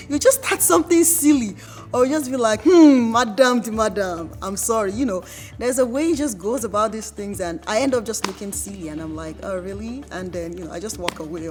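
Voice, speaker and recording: Woman telling lively stories. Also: mid-range voice. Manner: lively storytelling, acts out quotes. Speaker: wife. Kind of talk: documentary interview.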